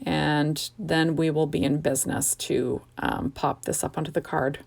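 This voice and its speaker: A middle-aged woman talks through her card-making steps in a relaxed, chatty way. Her voice sits a little low with a gravelly edge. She wanders through fillers and restarts as she works at home. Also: measured pace. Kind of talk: casual crafting tutorial voice-over. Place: home craft room.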